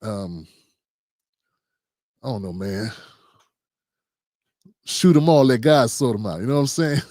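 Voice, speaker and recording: A man's voice: mid-range voice, expressive, unhurried, a little mellow, no echo, studio quality. A middle-aged man hosting a casual political talk show, riffing loosely and playfully with slang and asides to his audience. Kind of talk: casual livestream commentary.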